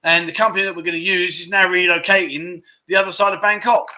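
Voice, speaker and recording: High, sharp-voiced man hosting. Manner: excitable, runs through a rapid list of guesses. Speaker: livestream host. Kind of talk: casual livestream chat, reading out viewer comments. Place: his home in Pattaya, indoors.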